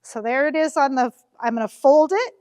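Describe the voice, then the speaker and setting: A woman's voice: sits high, a little fast, darkish tone, dry recording, clean studio sound, in a large hall. A woman, demonstrating a quilting ruler at her shop in a friendly, chatty way with frequent fillers. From Nebraska, US. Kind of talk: casual how-to demonstration. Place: quilt shop cutting table.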